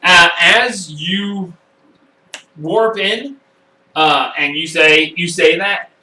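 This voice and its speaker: A man narrating as game master of a home tabletop game, animated, with quick voiced asides and many fillers. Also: high voice, slight background noise. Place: room at home. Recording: echoey room, far from the mic.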